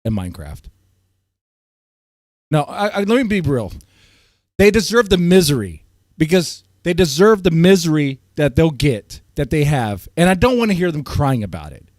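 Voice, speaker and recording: A man streaming live, ranting at his chat in a heated, swinging way, his voice strained and often cleared. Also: sing-song, normal speed, dry recording, clean studio sound. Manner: heated, swings from loud outbursts to low muttering. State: voice strained, keeps clearing throat. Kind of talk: ranting livestream commentary to chat.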